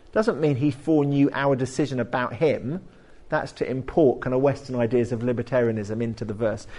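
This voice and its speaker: Lively preacher, man. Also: on the high side. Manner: animated, conversational, explains with homely asides. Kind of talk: sermon with anecdotes. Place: church hall.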